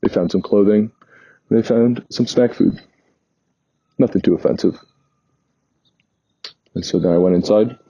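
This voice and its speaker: A low, husky male voice with a dark, mellow tone chats through a long, wandering story, backtracking and correcting himself as he goes. The sound is dry and a bit dull, like a lo-fi recording. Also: a little slow, pauses often, dry recording. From New York. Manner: meandering, self-correcting, chatty. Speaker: vlogger. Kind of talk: casual rambling travel story.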